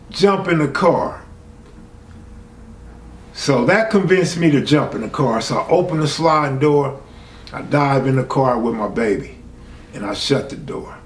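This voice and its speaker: A man, hosting a stream and telling a true story in casual, profane street talk, raising his voice when he quotes people. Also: medium pitch. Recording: echoey room, faint background hum.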